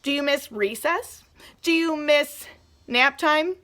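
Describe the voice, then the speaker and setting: A woman teacher giving a remote lesson to young children, speaking in a gentle, encouraging, sing-song way. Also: high voice, slow.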